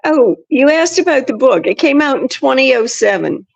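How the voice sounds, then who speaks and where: A woman's voice: sits high, very animated, moderate pace, vocal fry, no room sound. A woman co-hosting a casual livestream chat, giving brief, easygoing replies. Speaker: co-host. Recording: dull lo-fi audio.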